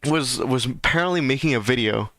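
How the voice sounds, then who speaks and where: A man's voice: mid-range voice, a little fast, fairly bright tone, no room sound. A man chatting casually on a livestream, rambling and ranting with lots of fillers. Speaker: streamer.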